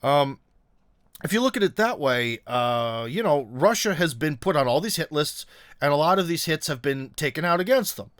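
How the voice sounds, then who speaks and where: A man's voice: fairly high pitch, animated, normal speed, a bit bright, dry recording, studio quality. A man hosting a casual political commentary monologue, rambling with many fillers and restarts, and often sarcastic.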